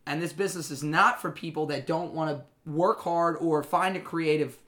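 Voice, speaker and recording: A man hosting a casual bar podcast, animated and joking with a lot of swearing. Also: on the high side, moderate pace. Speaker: podcast host and bartender.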